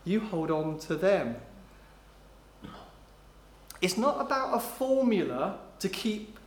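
A man preaching a sermon in an emphatic way, slowing down on key phrases and dropping low and quiet when he quotes. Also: very animated. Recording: roomy echo.

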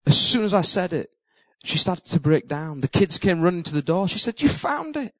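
Middle-aged male preacher, high voice, animated storyteller who mocks himself. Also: brisk, poor audio. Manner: animated, self-mocking storyteller who acts out his own panic. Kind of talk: sermon storytelling.

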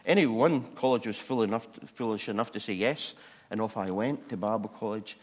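Male preacher, animated self-mocking storyteller, reverberant hall sound. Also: lowish voice, fairly quick, a little hiss or hum. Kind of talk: humorous testimony sermon.

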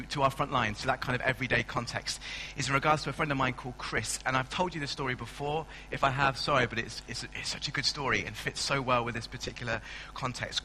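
A man's voice: mid-range voice, sharp tone, slight background noise. A man preaching a sermon in a church hall on a stand mic, chatty and self-mocking as he tells stories. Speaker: pastor.

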